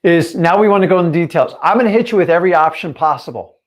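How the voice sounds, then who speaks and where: A male real estate coach talks fast to his live-stream audience, his voice somewhat high for a man. He addresses viewers head-on and presses every point with blunt emphasis.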